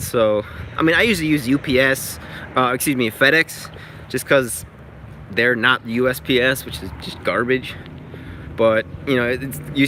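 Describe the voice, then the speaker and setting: A man's voice: medium pitch, bright, forceful tone. A man telling a story in a casual vlog, chatty and exasperated, swearing freely, recorded outside near traffic. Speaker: vlogger.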